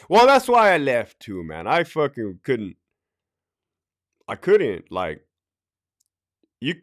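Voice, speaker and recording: A man's voice: medium pitch, wildly swooping pitch, takes it slowly, long pauses. A middle-aged man, a former prison officer talking in a blunt, profane way on his podcast and acting out quotes. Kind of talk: casual podcast talk.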